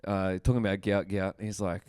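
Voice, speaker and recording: A man's voice: deep voice, little pitch movement, fairly quick, darkish tone, clean tone, no room sound. An Australian man co-hosting a comedy podcast, chatting casually with dry one-liners. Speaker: podcast co-host.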